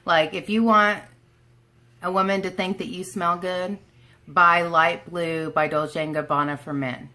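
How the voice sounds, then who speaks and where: A woman with an Oklahoma twang talks to her viewers in a loose, rambling way, full of asides and self-deprecating jokes. Her voice sits a little low but has a bright, forward edge. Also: steady tone, a little slow. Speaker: beauty vlogger. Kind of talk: casual chat to camera.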